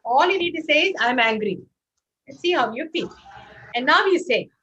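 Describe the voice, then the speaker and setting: Speaking fairly quickly in a high voice, a woman animatedly encourages participants in her interactive online workshop to reply in the chat. The sound comes through a video call and is muffled and lo-fi.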